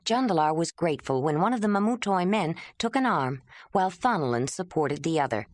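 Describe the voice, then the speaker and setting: Low expressive woman narrating. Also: brisk, hardly any pauses, no room sound, clean studio sound. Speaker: audiobook narrator. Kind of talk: scripted narration.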